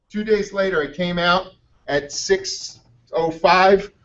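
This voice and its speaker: High-voiced energetic motivational speaker, a man. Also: slow, distant mic, dull audio. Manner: energetic, blunt, swears freely. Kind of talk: motivational storytelling talk.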